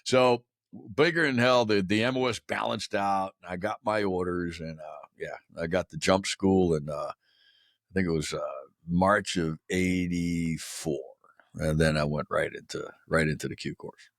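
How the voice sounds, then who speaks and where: A man in his sixties talks as a podcast guest in a lowish voice. He tells stories casually, bluntly and with plenty of swearing and slang. The recording is dry and close. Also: steady tone, unhurried, dry recording. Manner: blunt, profane, slangy, peppered with "man" and "dude". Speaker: podcast guest, military veteran. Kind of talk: casual storytelling in a podcast interview.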